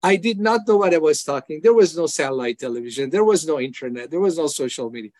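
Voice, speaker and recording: A man's voice: fairly high pitch, lively intonation, fast talker, a little mellow, dry recording. An older man from Iran, an evangelist giving an earnest personal testimony in an interview, acting out his prayers as dialogue. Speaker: evangelist guest.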